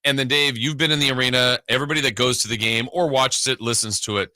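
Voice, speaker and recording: A man's voice: mid-range voice, steady tone, fast talker, sharp tone, no echo. A man co-hosting sports radio talk, conversational, telling stories and acting out quotes into a studio mic. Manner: conversational, storytelling, acts out quotes.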